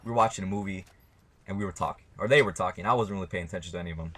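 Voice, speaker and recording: A man's voice: low voice, rapid-fire, fairly bright tone. A young man telling a story to his camera in a casual, rambling way, swearing often and speaking bluntly. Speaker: vlogger.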